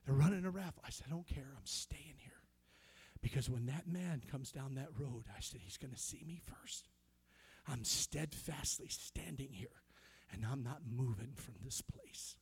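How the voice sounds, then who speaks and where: A male pastor with an American accent telling a personal story in a sermon, dropping to hushed whispers and rising to shouted praise. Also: medium pitch, breathy edge.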